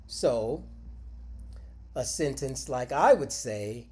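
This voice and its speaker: A man teaching a short English lesson, speaking deliberately and modeling phrases for learners to repeat. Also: mid-range voice, expressive, dark tone. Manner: slow, deliberate, encouraging, models phrases aloud for repetition. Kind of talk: scripted micro-lesson with screen demo.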